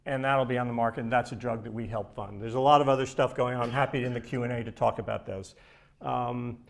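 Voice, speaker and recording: A man's voice: medium pitch, steady tone, fast, gravelly. A man giving a live keynote speech from a conference stage, speaking emphatically and conversationally, often repeating words. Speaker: keynote speaker for a research charity. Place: conference stage before an audience.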